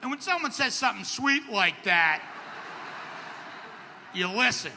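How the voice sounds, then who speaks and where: A man's voice: very high-pitched, very animated, unhurried, bright, forceful tone, in a large hall, slight background noise. A middle-aged man doing a stand-up comedy set, wry and self-deprecating with punchy delivery. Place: outdoor comedy stage at a camp festival.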